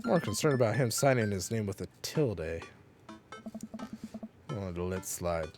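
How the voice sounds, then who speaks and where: A man's voice: fairly low pitch, expressive, normal speed, a little mellow, soft background music. A man casually commenting on a dating game he is playing, joking around and reading the game's messages aloud. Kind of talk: casual let's-play commentary.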